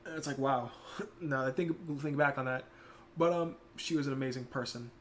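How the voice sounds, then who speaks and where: A young man streaming, talking casually and reflectively, turning soft-spoken when emotional. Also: mid-range voice, fairly quick, slight background noise. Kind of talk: casual chat.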